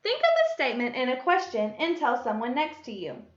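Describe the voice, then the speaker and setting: A woman gives a slow, clear grammar lesson to young children, her high voice rising and falling as she reads each example sentence. The recording sounds dull and lo-fi, with an echo from the room around her. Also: wildly swooping pitch. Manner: deliberate, sing-song reading of example sentences. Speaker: first grade teacher. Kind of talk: slow, clear classroom instruction.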